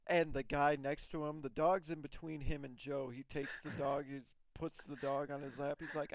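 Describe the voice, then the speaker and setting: A man's voice: on the high side, steady tone, a little slow, no room sound. A young man co-hosting a podcast, telling stories in casual chat with lots of fillers. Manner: rambling, filler-heavy storytelling. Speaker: podcast co-host.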